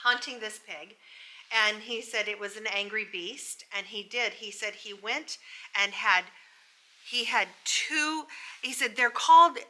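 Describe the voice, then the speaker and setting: Emotional American woman, bright voice. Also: fairly high pitch, a little slow. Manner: emotional, breathless retelling. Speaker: psychic medium. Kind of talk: relaying a spirit's story.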